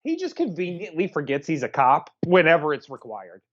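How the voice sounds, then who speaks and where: A man's voice: a little high, wildly swooping pitch, fairly quick. Laid-back male co-host on a dull mic. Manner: laid-back, crude, hesitant. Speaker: podcast co-host. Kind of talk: casual movie review chat.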